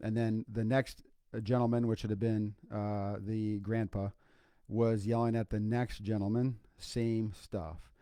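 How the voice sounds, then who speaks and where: Older man with a low, mellow voice. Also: level tone, a little slow, clear, resonant tone, dry recording, clean studio sound. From Iowa, United States. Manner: informal, earnest, repeats key points, many fillers. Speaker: podcast co-host, clinical psychologist. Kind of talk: impromptu solo livestream talk.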